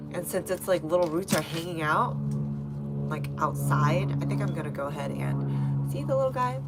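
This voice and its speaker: A young North Texas woman with a Texan accent and a low, creaky voice runs a relaxed gardening live stream from her front garden outdoors. Chatty and easygoing, she replies to viewers by name and laughs a lot.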